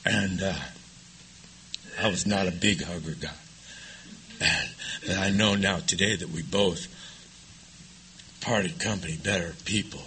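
A man sharing his own story of recovery with a live audience, confessional and self-mocking, swinging between hushed, quiet passages and loud laughing ones. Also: deep voice, unhurried, pauses often, slight background noise, rough recording.

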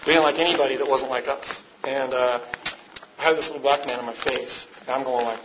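A man shares his recovery story with a meeting crowd in a loose, rambling way, poking fun at himself and laughing often. The recording is muffled and lo-fi, with steady noise underneath. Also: mid-range voice, fairly quick. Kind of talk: personal story told to a live meeting. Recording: dull lo-fi with background noise.

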